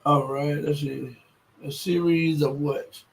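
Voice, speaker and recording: A man hosting a livestream, giving casual political commentary in a rambling, emphatic way, breaking into loud outbursts and muttering while he searches online. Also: fairly high pitch, fairly even intonation, takes it slowly, vocal fry, rough recording. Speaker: livestream host.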